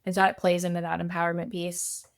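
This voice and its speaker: A woman's voice: fairly low pitch, completely flat delivery, fast, dry recording, studio quality. A woman, a podcast guest, telling her story in a chatty, casual way, full of fillers and acted-out quotes.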